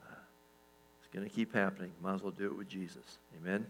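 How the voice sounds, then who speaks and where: A man pastor giving a sermon in a relaxed, conversational way, with lots of fillers and restarts and chuckles at his own stories. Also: sits low, quick pace, low-quality recording.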